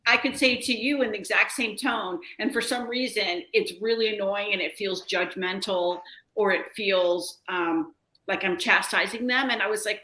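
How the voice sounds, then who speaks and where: A middle-aged mother telling animated stories in a casual chat. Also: medium pitch, moderate pace. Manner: animated storytelling. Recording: echoey room.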